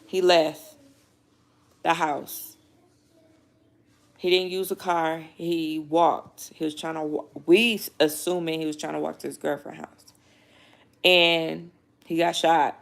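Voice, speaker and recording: Gravelly-voiced young woman, tearful vlog. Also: sits low. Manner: emotional, rambling, frequent "you know what I mean", swears. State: near tears. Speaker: vlogger. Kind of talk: casual personal storytelling to camera.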